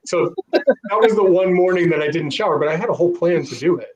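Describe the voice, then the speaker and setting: A man's voice: fairly high pitch, fast, low-quality recording. A man co-hosting a casual podcast, telling rambling self-deprecating stories. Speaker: co-host.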